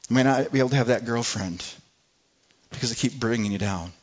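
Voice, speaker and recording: A man preaching a sermon to a congregation with passion, swinging from soft, low moments to loud, high pleas and often repeating words. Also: fairly quick, muffled recording. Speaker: pastor.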